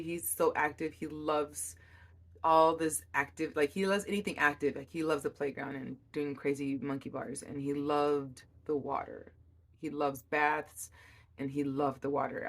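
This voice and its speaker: A young woman, a mother, telling a personal story in an emotional, halting way with many restarts. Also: low-pitched. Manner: emotional, reliving events.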